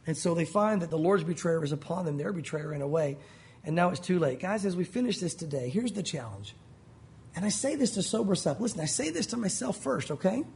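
A man preaching a sermon as pastor, animated and earnest, his voice rising and falling. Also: high-pitched, brisk, vocal fry.

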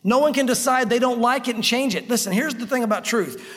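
A man preaching in a high, bright-pitched voice, hammering points home with repetition. His conversational sermon rings out with a long reverb tail, as in a large hall. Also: quick pace. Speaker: pastor.

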